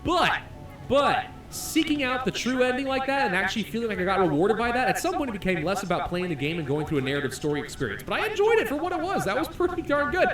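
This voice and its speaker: A man with a high, bouncy voice reads a game's story out loud with drama and breaks into excited reactions. He sounds like he's in an echoey room, with faint music playing under the gameplay. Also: fast, distant mic. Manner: excitable, laughing, dramatic reading. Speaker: gaming YouTuber. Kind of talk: let's-play commentary, reading the game text aloud.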